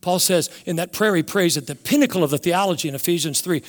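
A man in his sixties, a pastor preaching a heartfelt sermon, moving between loud emphasis and hushed, quiet moments. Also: high voice, quick pace, hardly any pauses, big-room sound. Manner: emotional storytelling, swings from loud to hushed.

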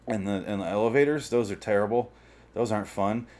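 A man's voice: on the low side, fairly quick, darkish tone. Young man, 20s, for a profane, exasperated comedic rant; sarcastic and blunt. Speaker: vlogger. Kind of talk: ranting comedic monologue. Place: his room.

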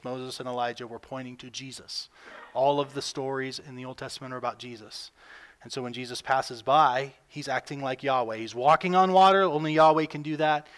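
A man preaching a sermon as pastor, earnest, with his voice lifting and getting louder when he reads scripture aloud. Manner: earnest, rises in pitch and volume when reading scripture.

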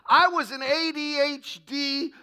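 High-voiced, animated male preacher. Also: slow pace. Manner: animated, comic storytelling. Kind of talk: humorous sermon.

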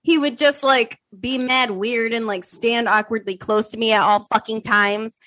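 A woman in her thirties co-hosting a podcast, telling an animated story with lots of swearing and acted-out quotes. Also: on the high side, normal speed, dry recording. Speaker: podcast co-host. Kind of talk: casual chat.

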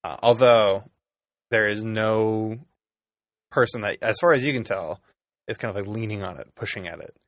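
A man's voice: fairly low pitch, normal speed, no echo, clean studio sound. A man narrating a tabletop game as game master, loose and rambling with lots of ums.

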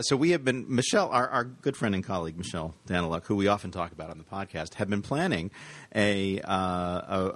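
A man's voice: on the low side, no echo. A man hosting a podcast in casual chat, teasing and playful, rambling with fillers. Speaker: podcast host.

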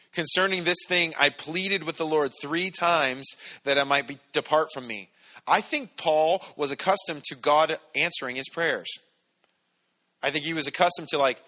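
A man preaching a conversational, animated sermon to a congregation, acting out quotes as he goes. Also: on the high side, a little slow, long pauses. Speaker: pastor. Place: church hall with congregation.

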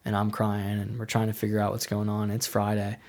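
A man's voice: lowish voice, monotone, fairly quick, darkish tone. A young man telling a personal faith testimony in a casual, rambling way, full of "like" and restarts. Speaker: speaker sharing a faith testimony.

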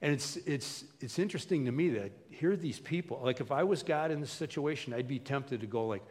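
A man preaching a conversational sermon as a pastor, acting out what people say in quick asides. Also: medium pitch, a little mellow. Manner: conversational, acts out quoted voices. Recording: long hall reverb.

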